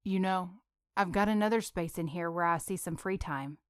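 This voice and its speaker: A woman's voice: fairly low pitch, clear, resonant tone, dry recording, studio quality, lightly acted. Russell, a woman reading a nervous polite young man. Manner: hesitant, halting when nervous.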